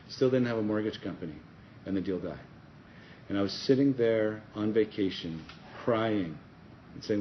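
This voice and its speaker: Animated storytelling pastor, lowish voice. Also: male voice. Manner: animated storyteller acting out dialogue. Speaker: pastor and conference speaker. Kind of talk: conference breakout talk, storytelling. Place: conference room. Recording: dull lo-fi conference recording with faint hiss.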